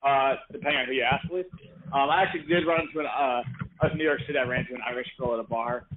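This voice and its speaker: A man's voice: mid-range voice, fairly even intonation, very fast. A man in his thirties, co-hosting a radio show in laid-back, wry, joking chat. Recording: phone line with faint noise.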